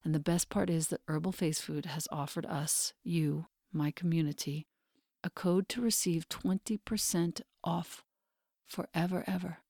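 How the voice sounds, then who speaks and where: A woman hosting a podcast, reading in a soft, earnest way with breathy, near-whispered phrases. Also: fairly low pitch, steady tone, unhurried, no room sound, clean studio sound. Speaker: podcast host. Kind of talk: podcast host read and guest introduction.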